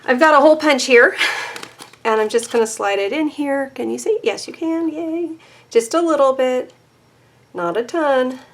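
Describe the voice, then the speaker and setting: A woman's voice: high voice, animated, moderate pace. A chatty, self-deprecating woman giving a casual papercraft tutorial, laughing often and a little out of breath. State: a bit out of breath. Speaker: papercraft demonstrator.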